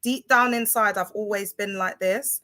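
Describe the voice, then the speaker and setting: Talking directly to viewers on a social media livestream shot on her phone, this woman in her 30s chats loosely and fills her rambling with filler words. Her medium-pitched voice is bright and forceful, with a steady tone and moderate pace.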